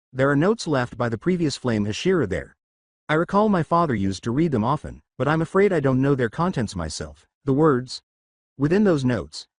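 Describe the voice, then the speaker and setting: Man voicing a gentle dying swordsman. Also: medium pitch, dry recording. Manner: gentle and calm.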